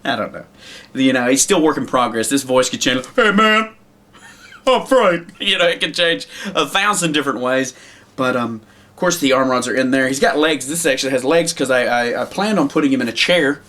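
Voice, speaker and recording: A man's voice: medium pitch, brisk, fairly bright tone. Rambling man showing his homemade puppets. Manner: rambling, with many ums and restarts. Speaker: puppet maker. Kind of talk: casual show-and-tell.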